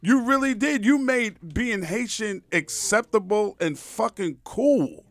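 Podcast host guy from new york, kinda high voice, swears a lot, super heartfelt, dry sound. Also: expressive, slow pace, dry recording. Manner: emphatic, profane, heartfelt. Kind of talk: casual interview chat.

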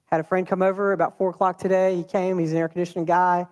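A man preaching a sermon in a church, talking in a lively, conversational way and throwing rhetorical questions at the congregation. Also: high voice, quick pace, smooth, long reverb tail. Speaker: pastor.

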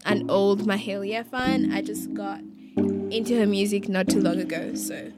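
A young woman, telling stories in a casual vlog, animated and slangy with quick asides. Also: mid-range voice. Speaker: vlogger. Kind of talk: casual story-time chat. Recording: loud music under the voice.

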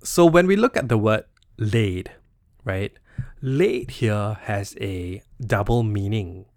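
A man's voice: lowish voice, animated, slow, a little mellow, no echo, clean studio sound. A young Singaporean man hosting a podcast, casually unpacking a poetry book in a chatty, playful way, full of "you know" and "like". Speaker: podcast host. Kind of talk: casual solo literary analysis.

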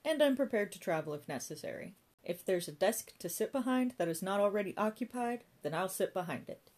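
A woman's voice: mid-range voice, lively intonation, fairly quick, a little mellow, pitched above the performer's own voice, lightly acted. A woman reading a storybook voicing a prim, haughty and flirtatious woman behind an admissions desk.

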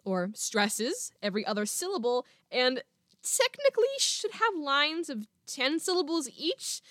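A woman student hosting a podcast, talking chattily and reading a short piece aloud, excitable and playfully self-mocking. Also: on the high side, no room sound, studio quality. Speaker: podcast host.

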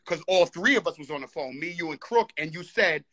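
A man's voice: on the high side, expressive, a little fast, sharp tone. A man arguing heatedly on a live call, insistent and repeating himself as he talks over the others. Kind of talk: heated argument.

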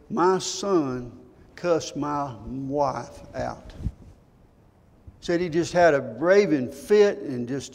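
An older man preaching a sermon, telling folksy stories and asking his congregation rhetorical questions. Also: on the high side. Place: church sanctuary. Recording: church hall reverb.

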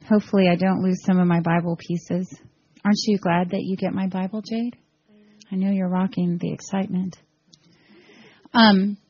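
A woman from Florida in her forties, giving a heartfelt personal testimony to a church group, her voice swinging between soft, tearful and excited. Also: mid-range voice, no room sound, dull audio. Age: 40s. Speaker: guest speaker.

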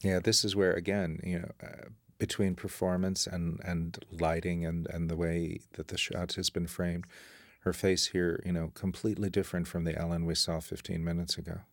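Brief: deep, gravelly-voiced man, the screenwriter explaining choices, dry close sound. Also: little pitch movement, normal speed, few pauses, no room sound. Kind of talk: commentary track chat.

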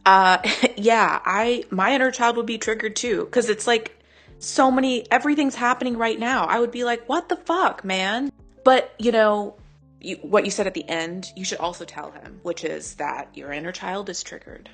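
A woman's voice: mid-range voice, fairly even intonation, moderate pace, fairly bright tone, soft background music. A woman co-hosting a podcast in a casual, supportive chat, talking in restarts and fillers. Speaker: podcast co-host.

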